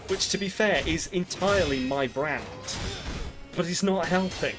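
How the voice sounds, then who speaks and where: Joking, rambling British man streaming a game. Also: mid-range voice. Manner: joking, rambling, self-mocking. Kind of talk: casual gameplay chat with viewers.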